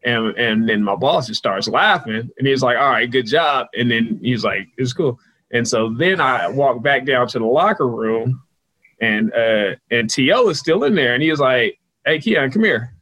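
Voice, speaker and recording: A man being interviewed as a guest, telling casual stories and acting out the people he quotes in a higher, louder voice. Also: moderate pace, poor audio. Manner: animated storyteller, jumps higher and louder when quoting people. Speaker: guest, sports PR consultant.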